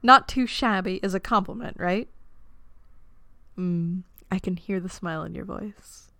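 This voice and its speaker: Woman in a slow, dry whispered role-play. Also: on the low side, steady tone, no room sound. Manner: soft, intimate, commanding then tender. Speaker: dominant partner in an audio role-play.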